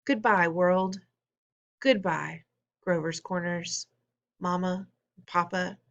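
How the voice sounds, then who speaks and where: A woman's voice: lowish voice, steady tone, slow pace, lo-fi sound. Woman reading as a breathless teen girl. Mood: heartfelt. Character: teenage girl actor, breathless and modest.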